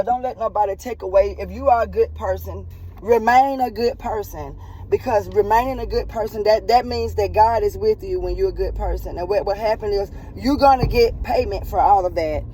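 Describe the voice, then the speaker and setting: A woman's voice: mid-range voice, dark tone, slight background noise, rough recording. A woman telling a personal story and giving earnest, preachy life advice in a heartfelt vlog, repeating herself and checking in with "okay?". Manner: repeats and restarts phrases.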